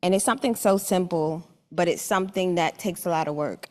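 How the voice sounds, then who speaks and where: Young woman, earnest conference speaker, halting personal story, long hall reverb. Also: fairly low pitch, darkish tone. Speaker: summit speaker.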